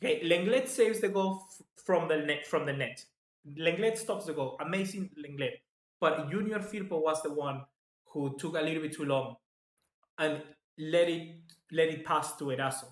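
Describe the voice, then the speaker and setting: Excitable man live-reacting to a football match. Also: fairly high pitch, moderate pace. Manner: excitable, chatty, reads viewer comments aloud. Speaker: football fan channel host. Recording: echoey room.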